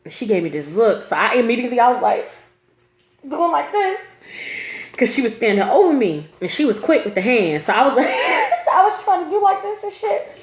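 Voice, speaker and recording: Animated woman telling a story, echoey room. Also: on the high side, brisk, slight background noise. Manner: animated, laughing, acts out quoted voices. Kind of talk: casual storytime vlog.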